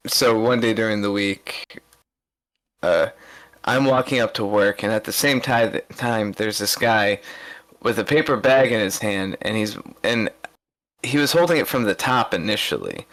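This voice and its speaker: A man's voice: lowish voice, expressive, unhurried, fairly bright tone, low-quality recording. A man co-hosting a podcast, telling casual stories with lots of restarts and fillers. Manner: rambling anecdotal storytelling with many restarts. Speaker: podcast co-host. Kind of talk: casual chat.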